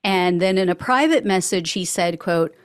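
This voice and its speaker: A woman's voice: on the low side, normal speed, dry recording, studio quality. A woman hosting a news podcast, recapping court cases in a conversational way with sarcastic asides. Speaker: podcast host. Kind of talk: news commentary reading quotes.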